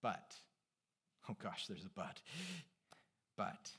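Conversational pastor preaching. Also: male voice, sits low, slow, breathy edge. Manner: conversational, rhetorical questions, swings from quiet to emphatic. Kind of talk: sermon.

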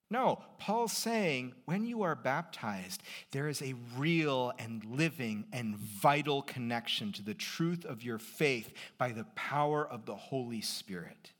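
A man's voice: a little slow, hardly any pauses. Conversational male pastor preaching a sermon. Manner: conversational and lively, rising in pitch and volume for emphasis.

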